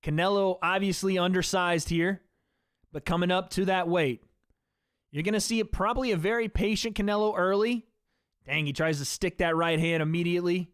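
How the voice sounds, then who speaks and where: A man with a fairly high, smooth voice calls a fight play by play for his livestream viewers. His talk is loose and chatty, and he keeps turning to the audience as "guys." The sound is dry and close, with no room echo. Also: steady tone, moderate pace, a bit bright. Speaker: livestream host. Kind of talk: casual play-by-play commentary.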